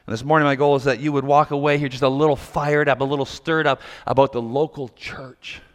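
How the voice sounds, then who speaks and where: A male pastor preaching a sermon, telling a lively story and acting out the voices of the people in it. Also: medium pitch, fairly quick. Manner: animated, acts out quoted voices. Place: large church hall. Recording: long hall reverb.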